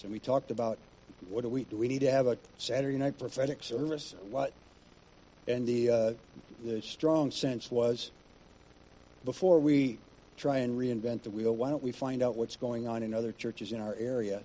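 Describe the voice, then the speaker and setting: A man's voice: medium pitch, dark tone, poor audio. A male pastor preaching in a conversational, storytelling way. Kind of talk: sermon.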